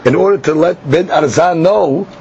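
A man teaching a Talmud class. He reads each line slowly and then explains it in plain English. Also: fairly high pitch, creaky, darkish tone. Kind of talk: Talmud class, reading and translating. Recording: dull lo-fi class recording with faint hiss.

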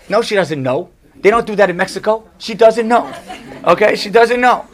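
A middle-aged rabbi teaches a Torah class to a live audience in a high-pitched, slightly bright voice at normal speed. His style is emphatic, hammering points home with punchy repetition and joking asides.

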